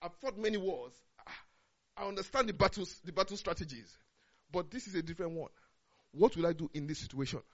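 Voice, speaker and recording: A high-pitched man delivers a sermon. He swings between loud, urgent declarations and low, quiet asides. The recording sounds muffled and lo-fi. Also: brisk. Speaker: preacher.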